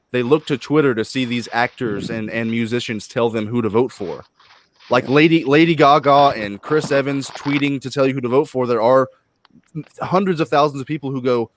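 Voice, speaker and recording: A man's voice: mid-range voice, moderate pace, dry recording. A man on a live-stream panel who stammers and restarts his sentences a lot. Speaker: panel guest. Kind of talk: casual live-stream debate.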